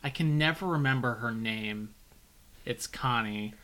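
A man with a bright, forceful voice walks through plot points in a relaxed podcast chat. He talks at a middle pitch. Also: unhurried. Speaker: podcast co-host. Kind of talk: casual TV recap chat.

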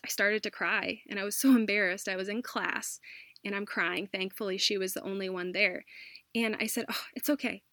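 A woman talks about her teaching work in an earnest, reflective way, pausing and restarting as she thinks. Her pitch sits in the middle range, and she laughs softly now and then. The recording is dry and close, with no room sound. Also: no echo. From United States. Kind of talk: casual conversational storytelling.

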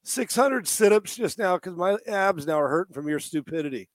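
Man, high voice, dry close sound, incredulous, laughing co-host. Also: animated, moderate pace, no room sound. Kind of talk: casual chat reacting to football film.

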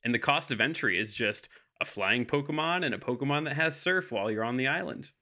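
Man, comedy podcast panelist; bright, punchy voice, escalating hype. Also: medium pitch, animated, brisk. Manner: escalating, over-the-top hype. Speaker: podcast panelist pitching a game. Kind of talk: comedic improv pitch.

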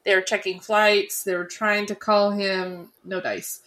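A woman talks through a film on a casual podcast with her co-host. Her delivery is relaxed and conversational. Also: mid-range voice, takes it slowly. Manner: relaxed, conversational, frequent "like" fillers. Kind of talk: casual movie recap chat.

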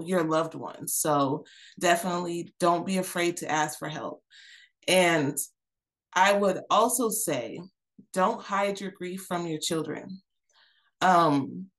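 Earnest woman with a low voice. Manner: earnest, reflective, many fillers and restarts. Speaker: podcast guest. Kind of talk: candid personal conversation.

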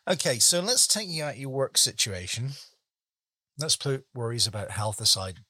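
A man's voice: medium pitch, very animated, moderate pace, bright, forceful tone, slightly rough, no room sound, clean studio sound. A man hosting a conversational interview, chatty and full of leading questions.

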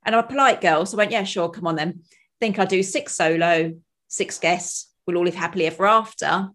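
A woman in her forties, a podcast guest and author, talking quickly and casually, acting out quotes in a higher voice and laughing often. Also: fairly bright tone. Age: 40s. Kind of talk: casual conversation.

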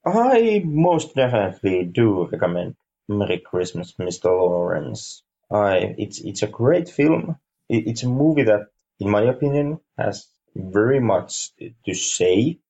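Slow low-voiced man, dry humor. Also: sing-song, vocal fry, lo-fi sound. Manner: halting, repeats words, dry dark humor. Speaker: podcast co-host. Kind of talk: casual film review chat.

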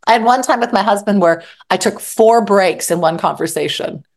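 A woman therapist talking in an interview, animated and acting out quoted exchanges. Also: mid-range voice, normal speed. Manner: animated, acts out quoted dialogue. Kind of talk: interview conversation.

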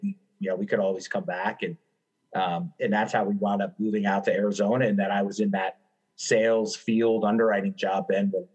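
Relaxed low-voiced middle-aged man. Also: husky, low-quality recording. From eastern United States. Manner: relaxed, reflective, hesitant. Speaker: insurance underwriter. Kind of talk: casual conversation.

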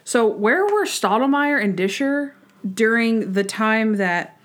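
A young woman co-hosting a podcast, chatting casually with a giggly, animated storytelling manner. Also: fairly high pitch, slow pace. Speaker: podcast co-host. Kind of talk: casual chat, storytelling and episode review.

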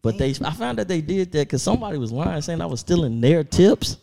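A man co-hosting a podcast, telling stories in casual chat, laughing often and jumping into high voices for quotes. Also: brisk, vocal fry. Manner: animated, laughing storyteller who jumps into high voices for quotes. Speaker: podcast co-host.

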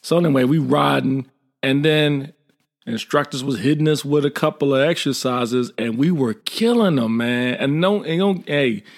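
A man's voice: medium pitch, moderate pace. A middle-aged man, a military veteran, tells a story in a casual, blunt and informal way. He livens it up by acting out the dialogue in it. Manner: lively, acts out quoted dialogue.

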